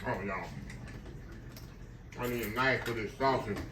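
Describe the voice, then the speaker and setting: A man's voice: medium pitch, a little slow, sharp tone, a little hiss or hum. An older man hosting a home cooking video, chatting casually and folksy with viewers as he cooks in his kitchen. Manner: folksy, talks to viewers as y'all. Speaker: home cooking channel host.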